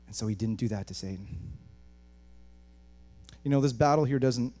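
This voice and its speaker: A male pastor preaching a sermon in an animated way, often restarting words and addressing the congregation directly. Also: mid-range voice, moderate pace, soft background music.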